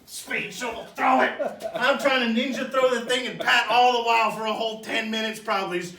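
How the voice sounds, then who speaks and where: A man telling a funny personal story in a loose, animated way, bursting into shouts and laughter as he acts it out. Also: extremely high pitch, fairly quick. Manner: animated, shouts and laughs while acting out the scene. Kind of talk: casual spoken anecdote. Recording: echoey room, distant mic.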